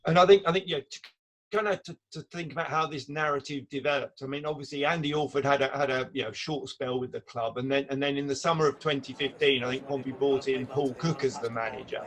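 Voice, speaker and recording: A man who is an executive producer, speaking in a measured, reflective way and hedging often as he steers a live Q&A. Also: medium pitch, steady tone, a bit bright. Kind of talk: live Q&A conversation.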